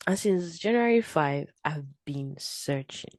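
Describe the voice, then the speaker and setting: Low-voiced woman, guest on a faith podcast, lively testimony, dry close sound. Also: slow, no echo. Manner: animated storytelling, acts out her own quotes. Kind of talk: casual testimony chat.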